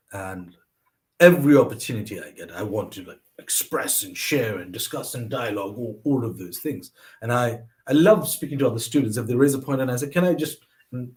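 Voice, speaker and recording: Animated man telling personal stories. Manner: animated, acts out quoted voices with pitch jumps. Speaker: vlogger sharing lessons from his mother. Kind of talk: personal storytelling monologue.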